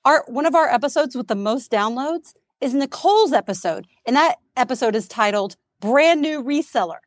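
A woman's voice: high voice, animated, normal speed, dry recording. A woman co-hosting a podcast in casual chat, chatty, rambling and self-mocking. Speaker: podcast co-host.

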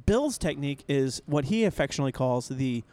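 A man's voice: medium pitch, fairly quick, dry recording. A man co-hosting a ministry podcast, chatting casually and laughing often. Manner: laughs often, animated storytelling. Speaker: podcast co-host. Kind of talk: casual chat.

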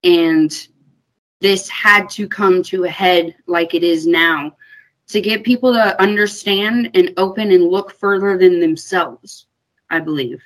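A woman's voice: lowish voice, unhurried, fairly bright tone, low-quality recording. A young woman, a guest on a radio interview, speaking sincerely and emotionally about her faith. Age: young adult. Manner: sincere, emotional, laughs when choked up. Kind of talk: conversational interview.

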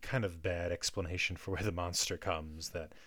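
A man with a somewhat low voice talks through his ideas in a relaxed, analytical chat. He restarts his sentences often and keeps checking in with "right?". The sound is dry and close. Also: normal speed, no room sound. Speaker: guest discussing film and theatre.

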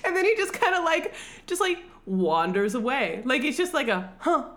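A woman co-hosting a podcast gives a casual recap of a film. She tells it in an animated, profane way and laughs often as she goes. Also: high-pitched, normal speed. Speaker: podcast co-host.

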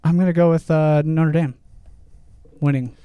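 A man's voice: fairly high pitch, steady tone, moderate pace, clean tone, dry recording, dull audio. Upbeat young man hosting a betting segment. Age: young adult. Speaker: podcast co-host. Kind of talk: casual sports betting chat.

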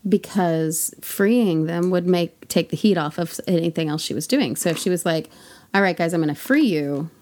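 Low-voiced woman musing in casual chat. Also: moderate pace, a little mellow. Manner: questioning, musing aloud. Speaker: podcast co-host.

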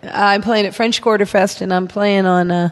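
A woman's voice: mid-range voice, fairly even intonation, normal speed. Laughing, teasing woman musician guest. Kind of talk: casual podcast chat.

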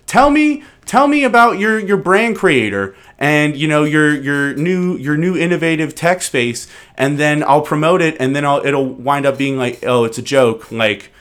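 A man's voice: fairly high pitch, measured pace, hardly any pauses, a bit bright. A man in his twenties hosting a casual chat, loose and joking, swearing freely. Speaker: podcast host.

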